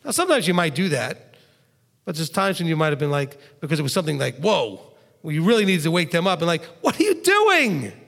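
A man preaching as a rabbi who gets loud to stress his points. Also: fairly high pitch, animated, fast, vocal fry, in a large hall. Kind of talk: sermon.

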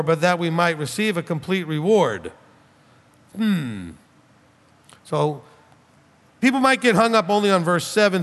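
Male rabbi preaching, emphatic and animated, voice ringing in a large hall. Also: high-pitched. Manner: emphatic, rhetorical questions, mocking imitations of critics. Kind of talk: sermon. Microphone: preaching without notes, standing. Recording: long hall reverb.

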